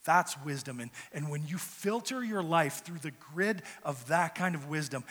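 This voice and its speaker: A man's voice: a little high, lively intonation, a little slow, few pauses, fairly bright tone, husky. A man preaching a sermon as pastor, earnest and conversational, often repeating words as he starts a phrase. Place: church sanctuary. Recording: long hall reverb.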